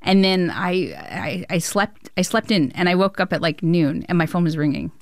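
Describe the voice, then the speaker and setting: Animated woman telling a story, laughing. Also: lowish voice, normal speed, dry recording, clean studio sound. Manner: animated, laughs often, acts out dialogue. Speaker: film director, interview guest. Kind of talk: casual storytelling.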